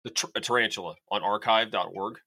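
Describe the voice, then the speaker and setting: A man co-hosting a podcast, excitable and blunt, swearing often while chatting about a film. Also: fairly low pitch, fast, no echo. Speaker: podcast co-host. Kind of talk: casual film review chat.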